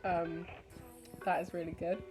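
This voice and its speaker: A woman's voice: fairly low pitch, measured pace. Chatty young woman vlogging over music. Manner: relaxed and chatty, with many fillers. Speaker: vlogger and podcast host. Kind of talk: casual vlog chat. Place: home kitchen and garden. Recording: music playing underneath.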